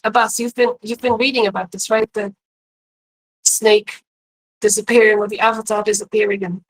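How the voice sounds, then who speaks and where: A woman playing a tabletop game, speaking in character in a halting, stammering way. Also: mid-range voice, flat delivery, rough recording. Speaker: tabletop player. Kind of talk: in-character roleplay.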